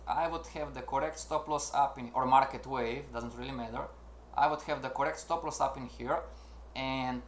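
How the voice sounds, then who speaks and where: A man teaching a live online trading lesson, animated and checking in often with his class, acting out traders' worries in their own voices. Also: mid-range voice, slight background noise. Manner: animated, repeats "make sense, everybody?", acts out traders' inner voices. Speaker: trading instructor. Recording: roomy echo.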